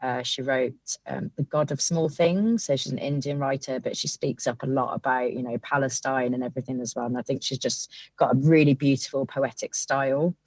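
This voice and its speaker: A woman's voice: rumbling low, fairly even intonation, brisk, few pauses, a little mellow, dry recording. A woman guest copywriter chatting casually on a podcast, rambling with lots of fillers.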